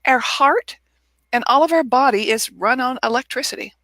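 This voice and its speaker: Bright, dry-sounding woman telling a story. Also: high-pitched, moderate pace, dry recording. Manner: animated storyteller who acts out quoted people. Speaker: author and guest. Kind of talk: casual interview storytelling.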